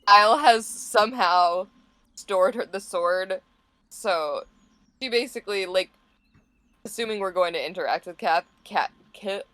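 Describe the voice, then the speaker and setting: Bright-voiced woman playing a tabletop game. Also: mid-range voice, a little slow. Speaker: player. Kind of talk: casual tabletop play.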